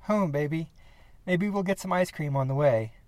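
A man voicing an anxious young mother, speaking high and flustered, reading a spooky story aloud. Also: moderate pace, a little mellow, dry recording, close to an everyday voice. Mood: soothing.

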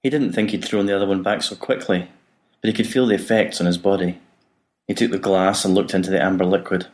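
A man narrating an audiobook in an even, measured reading. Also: sits low.

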